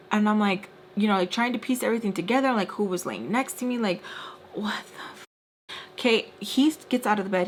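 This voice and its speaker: A young woman telling a casual storytime while doing her makeup, chatty and full of "like," sometimes dropping into hushed asides. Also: mid-range voice, slight background noise. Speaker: storytime vlogger.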